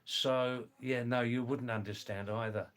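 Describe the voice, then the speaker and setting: An older man with an accent between British and Australian, a retired nurse chatting on a live stream slowly and deliberately. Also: medium pitch, steady tone, a bit bright. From England, raised in Australia. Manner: slow, deliberate, with many fillers. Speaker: livestream host, retired nurse. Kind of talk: casual live-stream chat.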